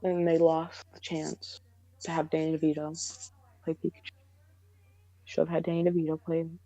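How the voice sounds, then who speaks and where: A woman's voice: sits low, completely flat delivery, normal speed, dark tone, lo-fi sound. A young woman co-hosting a podcast in casual chat, rambling and hesitant with lots of fillers. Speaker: podcast co-host.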